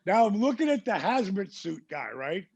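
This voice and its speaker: A man from New Jersey, a podcast guest, telling a casual story in an animated way and acting out the people he quotes. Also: high voice, normal speed, creaky, husky, dry recording. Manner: animated anecdote teller who acts out the people he quotes.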